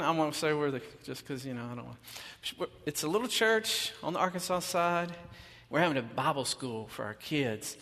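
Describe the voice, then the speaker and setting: A man's voice: a little high, bright, forceful tone. A man giving a chatty sermon, telling a self-deprecating story before he turns to teaching. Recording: long reverb of a church hall.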